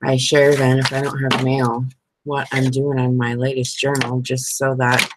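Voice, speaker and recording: Chatty low-voiced woman crafter. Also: monotone, moderate pace, noisy background. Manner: chatty and rambling, many "you know what I mean". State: sleepy, yawning. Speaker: crafting channel host. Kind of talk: casual live-stream chat.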